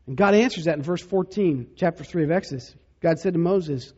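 A man preaching a sermon as pastor, dramatic, dropping to a hush to stress key points. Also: on the high side, brisk, few pauses, husky, muffled recording. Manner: dramatic, drops to a hush for emphasis.

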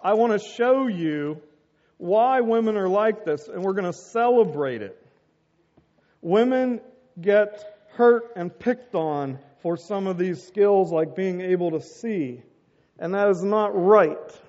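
A man's voice: sits high, lively intonation, slow, a little mellow, big-room sound, highs cut off. A middle-aged man preaching a sermon as a pastor and telling stories with acted-out voices.

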